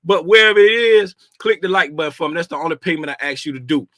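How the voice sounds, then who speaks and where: A man's voice: a little high, lively intonation, fast talker, a bit bright, no echo, clean studio sound. A middle-aged man hosting a casual livestream about trading from home, playful and folksy, calling out viewers by name. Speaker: livestream host, trading commentator. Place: home room.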